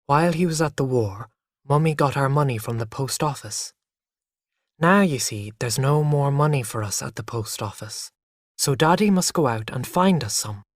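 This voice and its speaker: A man voicing a patient, gentle mother who speaks softly and soothingly, in a graded reader story. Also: mid-range voice, animated, normal speed, no room sound, clean studio sound, close to an everyday voice. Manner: soft, hushed, soothing.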